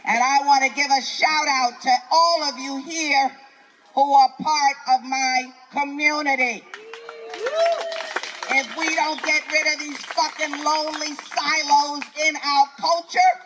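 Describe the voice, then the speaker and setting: A woman's voice: high voice, fairly even intonation, slow, background noise. An older woman with a New York accent doing a live stand-up set, ranting in a brash, profane, preachy way. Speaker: stand-up comedian. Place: outdoor festival stage.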